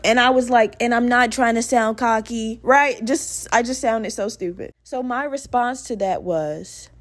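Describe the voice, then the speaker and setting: A young woman hosting a podcast, telling a personal story in a candid, profane, animated way. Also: a little high, measured pace. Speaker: podcast host. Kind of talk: casual storytelling monologue.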